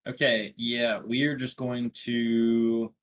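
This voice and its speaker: A man playing in a casual tabletop game, brisk and matter-of-fact. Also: medium pitch, flat delivery. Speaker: player. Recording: roomy echo.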